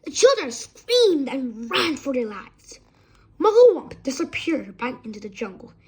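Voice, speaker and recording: Husky, lively woman reading a story. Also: fairly high pitch. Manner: expressive reading with small slips. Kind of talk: reading a children's story aloud.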